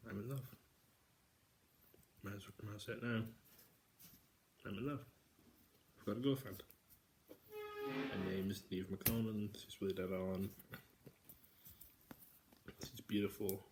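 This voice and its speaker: A young man, talking casually to camera in a vlog Q and A, swinging between hushed mock-serious musing and loud, excited chatter. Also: fairly low pitch, takes it slowly, pauses often, noisy background. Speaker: YouTuber.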